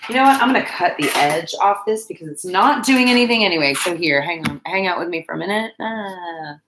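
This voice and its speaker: A rambling, self-deprecating woman talks viewers through a craft project live. Her voice sits on the low side, and the room around her rings with a roomy echo under faint noise. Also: expressive, fairly quick. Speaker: crafting livestream host. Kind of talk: casual chat while crafting.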